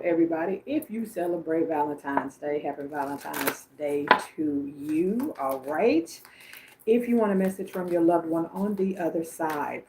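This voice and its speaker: A woman's voice: deep voice, darkish tone, a little hiss or hum. A woman from Illinois hosting a livestream as a psychic medium, relaying messages in a chatty, informal way and laughing often between phrases. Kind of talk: casual livestream psychic reading.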